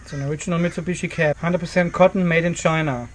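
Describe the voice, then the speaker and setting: A man vlogging from his home carport, ranting at the camera in an exasperated way. He keeps circling back to the same complaints, and his voice sits high for a man. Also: steady tone, fast talker, slight background noise. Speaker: car vlogger. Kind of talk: casual vlog to camera.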